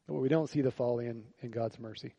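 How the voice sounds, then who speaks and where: A pastor preaching a sermon at a church service in a conversational way. He keeps asking the congregation rhetorical questions and swings between quiet, reflective lines and louder, animated bursts. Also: medium pitch, quick pace, vocal fry, slightly rough, lo-fi sound.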